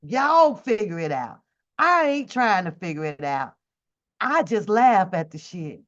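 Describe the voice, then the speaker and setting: Sing-song and unhurried, this medium-pitched woman is the host of a reaction channel, commenting casually on a livestream. She drawls, swears and mocks, and the audio is dull lo-fi home stream quality.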